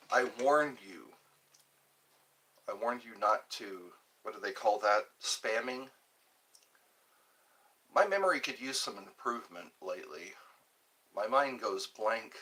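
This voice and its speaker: Slow-talking rambling man on a livestream. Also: lowish voice, pushed and bright, slightly rough. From Georgia, USA. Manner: rambling, reads chat aloud, chuckles to himself. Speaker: livestream host. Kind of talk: casual live-stream chat.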